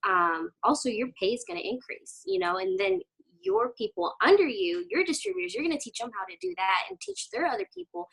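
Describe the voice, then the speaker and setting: A woman's voice: medium pitch, vocal fry, a bit bright, husky, poor audio. A woman leading a motivational team video call, enthusiastic and emotional, laughing often.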